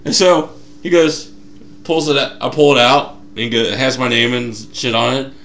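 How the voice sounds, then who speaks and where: This young man speaks in a mid-range voice at an ordinary pace, co-hosting a laid-back podcast. He narrates a story with energy, voicing the quotes as he goes.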